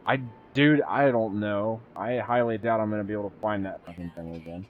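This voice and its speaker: A man streaming live gameplay, chatty and excitable, thanking viewers and swearing casually as he plays. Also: on the low side, a little fast, narrow, tinny audio.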